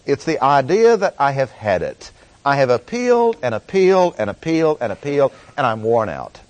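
A man teaching a Bible study lecture in an earnest tone, often pausing with "uh" as he explains words and verses. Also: medium pitch, a little mellow, no room sound. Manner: earnest teaching tone with frequent "uh" pauses.

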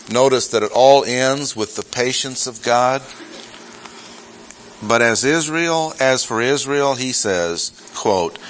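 A man's voice: mid-range voice, a little hiss or hum, poor audio. A man teaching through a Bible chapter in a sermon, reading verses aloud and stressing key words. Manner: reads scripture aloud, self-correcting asides. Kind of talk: expository sermon.

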